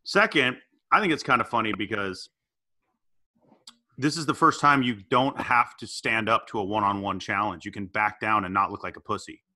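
Male co-host, bright tone, animated comic storyteller. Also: moderate pace. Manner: animated storyteller, jumps up in pitch for quoted voices. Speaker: podcast co-host. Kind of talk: casual comedic chat.

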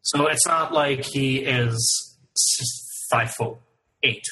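A man co-hosting a casual sports podcast, throwing in quick jokes and quips. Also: mid-range voice, sharp tone, poor audio. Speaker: podcast co-host.

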